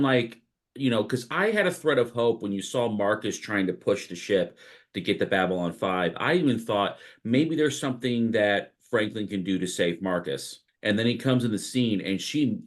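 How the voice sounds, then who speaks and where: A man on a podcast with a very deep voice, talking through his first impressions at length. He sounds earnest and thoughtful in a relaxed chat. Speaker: podcast co-host. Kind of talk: casual chat.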